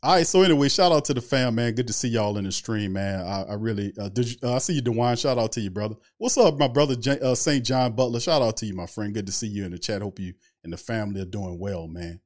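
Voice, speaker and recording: Guy hosting a sports stream, loose and chatty, shouting out folks in the chat. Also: fairly low pitch, fast, few pauses. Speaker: sports talk show host. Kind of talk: casual livestream sports chat.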